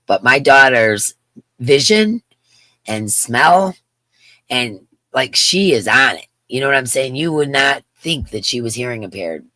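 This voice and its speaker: A woman's voice: a bass voice, bright, forceful tone, dry recording. A woman in her fifties hosting a craft livestream, chatting in a rambling way and reading viewer comments aloud. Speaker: crochet livestream host. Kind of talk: casual livestream chat.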